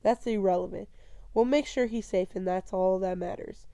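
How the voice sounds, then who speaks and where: A woman's voice: medium pitch, normal speed, warm tone, a little hiss or hum, natural voice. A woman reading the lines of a stern, cold young male vampire in a commanding, clipped way.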